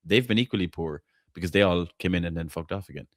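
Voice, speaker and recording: A man's voice: deep voice, fast, no room sound, clean studio sound. A man hosting a casual football fan chat, blunt and opinionated, swearing freely and tripping over repeated words as he argues his point. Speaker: podcast host.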